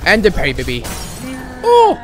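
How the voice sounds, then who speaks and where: A woman streaming a video game, chatting in an excitable, giggly, rambling way. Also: medium pitch, moderate pace, over music. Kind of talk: casual gameplay commentary.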